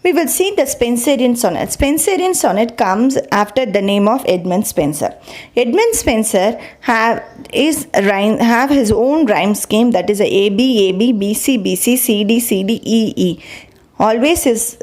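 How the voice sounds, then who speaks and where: Woman lecturing on poetry, slightly high voice. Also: lively intonation, measured pace, a little mellow. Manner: explains step by step, repeats points, frequent restarts. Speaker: literature teacher. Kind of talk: recorded lecture.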